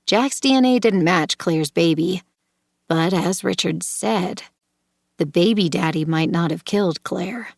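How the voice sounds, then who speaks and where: Woman reading a thriller audiobook, lowish gravelly voice, dry close mic. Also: dry recording. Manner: tense, measured, confrontational in dialogue. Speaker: audiobook narrator. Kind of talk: first-person thriller narration.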